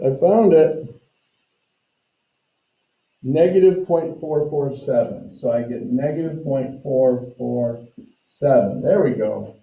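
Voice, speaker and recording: A man's voice: fairly high pitch, creaky. Man teaching math in an echoey classroom. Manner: explains step by step, addresses students directly. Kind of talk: classroom lecture. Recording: roomy, distant, dull classroom audio.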